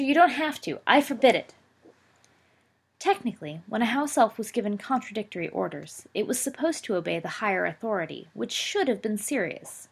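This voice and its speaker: Woman storybook narrator, expressive, slightly raspy. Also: mid-range voice. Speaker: audiobook reader.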